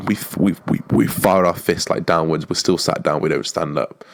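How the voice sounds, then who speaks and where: A young man hosting a podcast, telling a story in a casual, animated way and swearing often. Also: sits low, normal speed, creaky. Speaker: podcast host.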